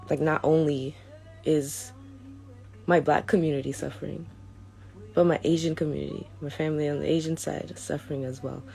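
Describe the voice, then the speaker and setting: A young woman with a low, gravelly voice, talking earnestly and a bit haltingly as she reads a written statement to camera. Faint music plays softly behind her. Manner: earnest, hesitant, restarts often. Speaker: vlogger. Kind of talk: reading a prepared statement to camera.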